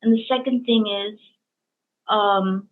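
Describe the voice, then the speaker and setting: A woman's voice: medium pitch, fairly even intonation, slow. A woman hosting an interview, telling stories in an emotional, rambling way with many fillers. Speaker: host. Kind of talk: casual interview chat. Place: lives in Hong Kong. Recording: tinny phone-like line.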